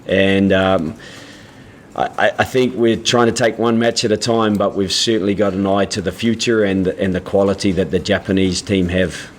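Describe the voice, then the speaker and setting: A head coach at a press conference, answering in a measured, halting way with frequent restarts. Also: male voice, low voice, fairly even intonation, a little hiss or hum.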